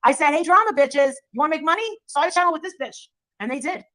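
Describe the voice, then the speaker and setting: A woman's voice: high voice, quick pace, a bit bright. A woman chatting bluntly and gossiping about online drama, swearing freely. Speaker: streamer. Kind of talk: casual drama chat.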